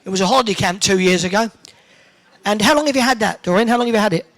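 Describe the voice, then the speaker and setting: A man hosting a bowls event, teasing the crowd with quick cheeky one-liners over a handheld microphone in a large indoor arena. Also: high voice, fairly bright tone. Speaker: arena host entertaining the crowd.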